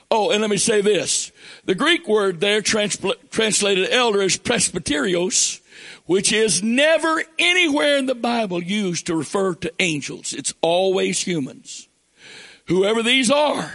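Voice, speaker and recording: A man preaching a sermon, reading scripture aloud and building to fervent shouts. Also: sits high, expressive, a little slow.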